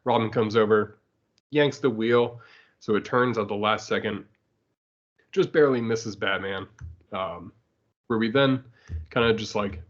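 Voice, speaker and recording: A man co-hosting a comics podcast, chatting casually, laughing often and acting out characters in quick asides. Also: on the low side, dull audio. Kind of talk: casual chat.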